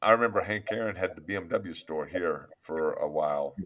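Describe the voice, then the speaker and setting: Man, very deep voice, podcast host, animated storyteller. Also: fairly quick. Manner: animated anecdote-telling with laughs. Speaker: podcast host, agency owner. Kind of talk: storytelling in casual interview. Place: office studio.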